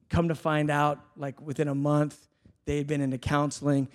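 A man preaching a sermon, swinging between fervent shouted appeals and hushed, conversational storytelling. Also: fairly high pitch, little pitch movement, normal speed. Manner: conversational, self-deprecating anecdotes.

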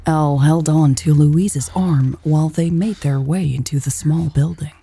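A woman narrating a romance audiobook in a calm, intimate, unhurried way. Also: low-pitched, gravelly, slightly rough.

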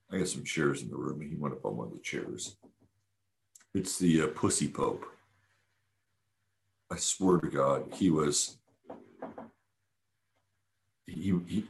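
A man's voice: a bass voice, expressive, a little slow, gravelly, long pauses. A man hosting a podcast, chatting enthusiastically about a weekend event in a casual monologue full of fillers and restarts. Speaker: podcast host.

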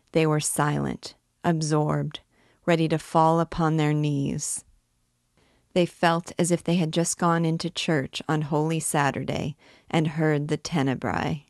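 A woman reading a classic novel aloud as a book guide, in a measured, deliberate way. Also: low-pitched, dry recording, clean studio sound.

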